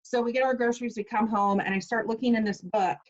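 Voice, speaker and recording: A woman's voice: on the high side, fairly even intonation, fast, highs cut off. A woman in her forties teaching a casual online class, chatty and personal with plenty of fillers. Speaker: essential oils class teacher.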